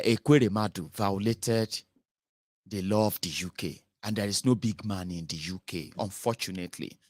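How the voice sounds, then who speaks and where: A Nigerian man giving casual political commentary, animated and switching into Pidgin. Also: lowish voice, dry recording, studio quality. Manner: animated, mixes Pidgin, mimics voices. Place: United Kingdom.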